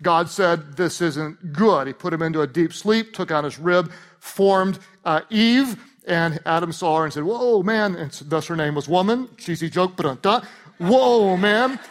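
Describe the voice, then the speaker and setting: A man with a high voice preaching to a large church. He is animated and jokey, and he often leans on punchlines and call-and-response lines. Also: moderate pace, few pauses. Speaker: pastor. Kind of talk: sermon.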